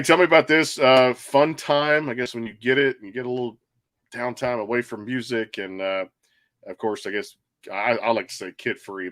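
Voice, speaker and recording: Male host, 30s, from Texas, easygoing and rambling, clears his throat often. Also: medium pitch, fairly bright tone. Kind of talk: casual interview chat.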